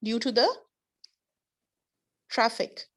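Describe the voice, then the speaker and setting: A woman's voice: a little high, fairly even intonation. Patient woman teacher on a video call. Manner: patient, encouraging, explains slowly with examples. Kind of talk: online English class.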